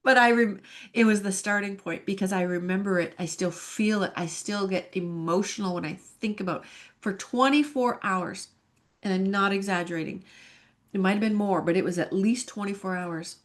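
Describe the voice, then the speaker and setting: A woman's voice: mid-range voice, moderate pace. A woman in her fifties, a podcast guest, telling her personal faith story in an earnest, emotional way. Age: 50s. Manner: earnest and emotional, sighing and laughing at herself.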